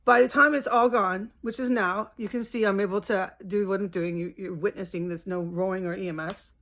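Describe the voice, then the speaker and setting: Woman, mid-pitch, casual vlog rant at home; rambling, exasperated, swears freely. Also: fairly even intonation, brisk, fairly bright tone. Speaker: vlogger. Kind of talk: casual venting monologue.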